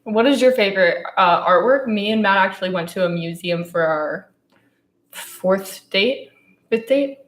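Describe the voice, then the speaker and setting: A woman's voice: mid-range voice, a little slow. A young woman co-hosting a casual podcast, playful and laughing often, telling stories with dramatic flair. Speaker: podcast co-host. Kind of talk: casual chat. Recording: echoey room.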